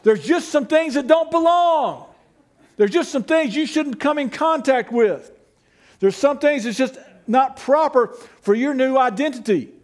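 Pastor, male, very high voice, relaxed conversational preaching with rhetorical questions. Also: measured pace. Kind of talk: sermon.

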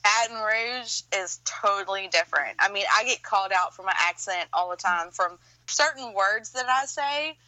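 A woman's voice: medium pitch, moderate pace, sharp tone, no room sound, low-quality recording. A woman from Louisiana with a light Southern twang, chatting sweetly as a podcast guest after a few drinks. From Pineville, Louisiana, US. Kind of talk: casual podcast chat.

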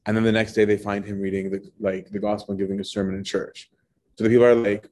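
A man with a fairly low voice walks through scripture in a relaxed, conversational way. He keeps tagging his points with a quick "right?" to check his listeners are following. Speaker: Bible teacher. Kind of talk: casual Bible study teaching.

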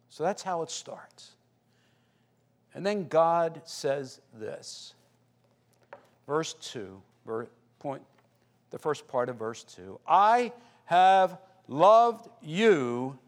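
A man preaching a sermon, reading scripture and praying with earnest, rising intensity. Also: high-pitched. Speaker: pastor.

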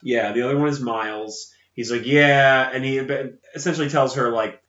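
A man co-hosting a casual film podcast, rambling and swearing as he recaps scenes and acts out characters in quick voices. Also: mid-range voice, fairly even intonation, fairly bright tone. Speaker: podcast co-host. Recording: roomy, dull lo-fi sound.

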